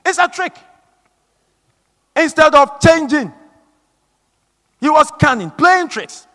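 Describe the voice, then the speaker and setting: A male preacher giving a sermon with emphatic, repetitive storytelling that swings from hushed tones to shouting. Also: very high voice, expressive, slow pace. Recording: long reverb of a large hall.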